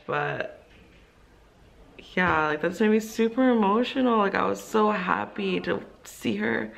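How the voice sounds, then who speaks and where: Gravelly-voiced young woman rambling casually. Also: fairly low pitch. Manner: rambling, filler-heavy, emotional. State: teary, crying. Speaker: ESL teacher vlogger. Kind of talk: casual vlog talk to camera.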